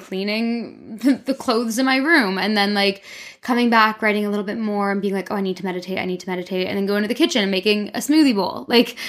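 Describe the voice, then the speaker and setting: A woman's voice: medium pitch, a bit bright. A woman hosting a casual solo podcast, talking candidly from her room in a rambling, self-encouraging way with lots of "like.". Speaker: podcast host. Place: her own room, speaking toward a mirror.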